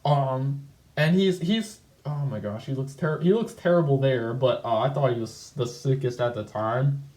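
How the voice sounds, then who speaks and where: A man hosts his own video channel and rambles through his old comic, packing his casual commentary with "like," fillers, restarts and self-corrections. His voice is medium-pitched and darkish, at a normal pace, and the rough recording sounds roomy.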